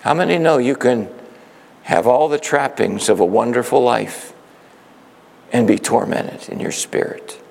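Gravelly preacher in an echoing hall. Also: male voice, mid-range voice, a little slow. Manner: animated storytelling, acting out quoted voices. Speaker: pastor. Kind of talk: sermon.

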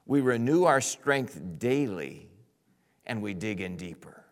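A male pastor preaching a sermon, animated, swinging from quiet, intimate lines to loud, excited bursts. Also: mid-range voice, measured pace.

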